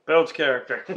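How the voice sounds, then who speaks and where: A man's voice: a little high, fairly bright tone, slight background noise. A man hosting a casual podcast about a movie, rambling through the plot with lots of fillers, swearing and laughing. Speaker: podcast host. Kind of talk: casual movie-review chat. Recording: dull lo-fi podcast audio.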